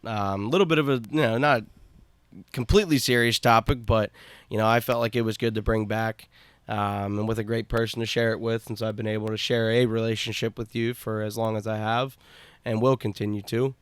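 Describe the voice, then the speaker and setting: A young man hosting a casual podcast, talking in a laid-back, halting way with lots of fillers. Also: lowish voice, fairly even intonation, clean tone, no room sound. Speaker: podcast host.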